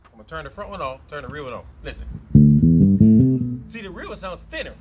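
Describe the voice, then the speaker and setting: Lively man demonstrating a bass. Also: quick pace, rough recording. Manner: loose, conversational, repeats phrases. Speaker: bass guitar teacher. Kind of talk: casual instrument demonstration. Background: bass guitar playing between lines.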